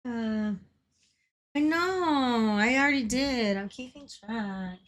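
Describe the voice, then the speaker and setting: Taking it slowly in a slightly high voice, a female game streamer chats casually with her viewers, frequently giggling and cursing freely whenever she gets worked up.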